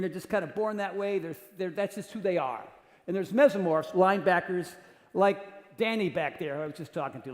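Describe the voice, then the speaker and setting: A man speaking in a voice on the higher side, animated and jokey, acting out the people in his stories. It rings through a large conference hall with a long, roomy echo. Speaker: keynote speaker. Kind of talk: storytelling talk to an audience. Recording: echoey hall with long reverb.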